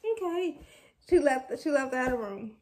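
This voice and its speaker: Young woman, high voice, casual vlog, frustrated, rambling venting. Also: expressive, normal speed, a little mellow, a little hiss or hum. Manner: frustrated, candid, rambling with restarts. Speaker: vlogger.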